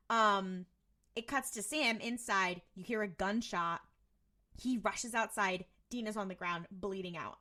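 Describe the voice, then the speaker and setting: A young woman co-hosting a podcast, chatting casually as she recaps an episode and acts out quick quotes from the characters. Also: medium pitch. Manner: animated, retells scenes with quick voiced quotes. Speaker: podcast co-host.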